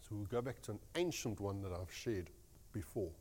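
A man's voice: lowish voice, normal speed, slight background noise. Man, pastor, devotional talk, storytelling with restarts, echoey hall sound. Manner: animated storytelling, rambling restarts.

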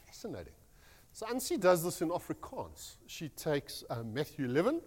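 Animated male pastor. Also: fairly high pitch, moderate pace, long reverb tail. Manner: animated storytelling, rambling restarts. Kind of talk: devotional talk.

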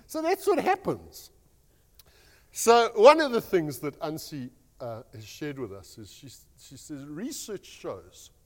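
A man giving a rambling, animated devotional talk as a pastor. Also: on the high side, long reverb tail. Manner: animated storytelling, rambling restarts.

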